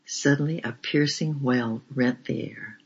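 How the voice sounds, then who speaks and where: A man narrating a memoir as an audiobook reader, with a measured, flat delivery. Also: medium pitch, vocal fry, breathy edge. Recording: dull lo-fi recording.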